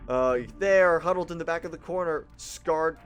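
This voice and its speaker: A man's voice: fairly high pitch, normal speed, soft background music. Goofy young man reading a game aloud. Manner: goofy, loud and sarcastic. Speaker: gaming channel host. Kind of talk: let's play reading a visual novel aloud.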